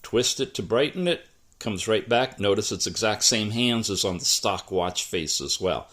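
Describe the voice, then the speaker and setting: A man talks through a gadget demo in an easygoing, conversational way. His pitch rises and falls a lot, giving the narration an animated lilt. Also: moderate pace. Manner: casual, conversational, lively pitch. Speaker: tech reviewer. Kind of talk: product walkthrough narration.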